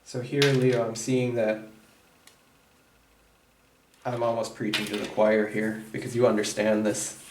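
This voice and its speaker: A man gives an intuitive tarot reading in a searching, halting way, often breaking off and restarting. His pitch stays fairly level. He sits some distance from the microphone in a roomy, echoing space. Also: flat delivery, background noise. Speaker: tarot reader. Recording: roomy echo, distant mic.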